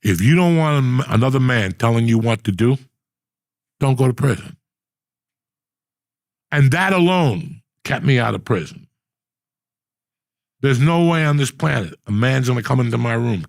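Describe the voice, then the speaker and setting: A man's voice: medium pitch, expressive, moderate pace, vocal fry, long pauses, no room sound, studio quality. A middle-aged man hosting a casual talk show, telling rambling, profane stories. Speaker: podcast host. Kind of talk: casual storytelling chat.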